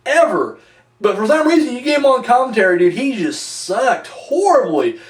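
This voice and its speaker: Man reviewer, loose and profane, lively high voice, recorded far off in an echoey room. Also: moderate pace. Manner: rambling, profane, lots of fillers. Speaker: wrestling reviewer. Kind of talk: casual rambling review. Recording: echoey room, mic at a distance.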